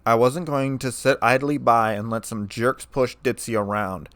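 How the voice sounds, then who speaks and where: A man's voice: mid-range voice, steady tone, moderate pace, fairly bright tone, smooth, no room sound, lightly acted. A man voicing a laid-back young human man who talks in a dry, sarcastic way.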